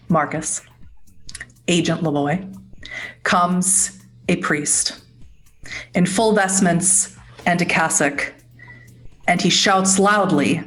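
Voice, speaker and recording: Low-voiced woman game master. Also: very slow, pauses often, fairly bright tone, rough recording. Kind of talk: narrating a tabletop game.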